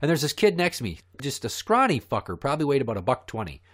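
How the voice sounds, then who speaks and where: A man's voice: medium pitch, sing-song, fast. A man hosting a podcast who tells stories in a profane, heated, ranting way. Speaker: podcast host. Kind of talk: ranting storytelling.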